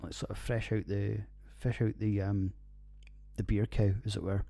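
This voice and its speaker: A man's voice: fairly low pitch, flat delivery, normal speed, creaky, warm tone, no room sound. A Scottish man in his forties hosting a podcast, reviewing beers in a rambling, sweary, casual monologue and laughing at his own jokes. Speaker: podcast host. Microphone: computer recording.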